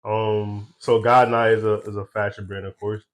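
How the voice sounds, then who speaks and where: A young man with a fairly low voice talks through an interview in an easygoing way. He drops casual slang and laughs often. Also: moderate pace. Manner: relaxed, laid-back slang, laughs often. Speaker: guest, eyewear brand founder.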